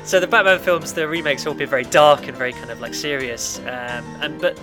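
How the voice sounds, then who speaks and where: Easygoing guy on a podcast, bit high pitched, music going behind him. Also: steady tone, fairly quick. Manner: chatty, giggly, easygoing. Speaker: podcast co-host. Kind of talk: casual film chat.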